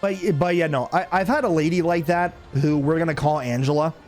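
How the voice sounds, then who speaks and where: A man's voice: a little high, brisk, a little mellow, faint music behind. A young man streaming a game, telling a rambling, profane story in a casual chat.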